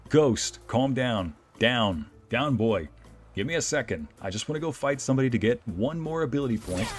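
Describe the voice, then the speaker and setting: Lively joking male game streamer. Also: medium pitch, slightly rough. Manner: playful, joking, reads game dialogue aloud. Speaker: VTuber streamer and narrator. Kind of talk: let's play commentary.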